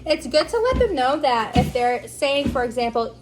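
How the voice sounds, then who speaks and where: A woman teaching as a speech therapy instructor, slowly over-enunciating the sounds she models. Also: sits high, very animated, background noise. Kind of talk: instructional demonstration.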